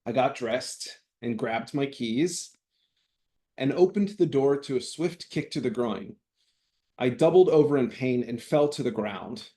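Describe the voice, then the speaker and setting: A man reading his own personal essay aloud, with wry, deadpan comic timing. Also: medium pitch, a little slow. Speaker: writing fellow reading his work.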